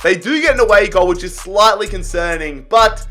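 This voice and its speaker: Young man, high voice, excitable, casual swearing gameplay commentary, faint background music. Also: moderate pace. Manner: excitable, swears freely, talks to viewers as lads. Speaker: gaming YouTuber.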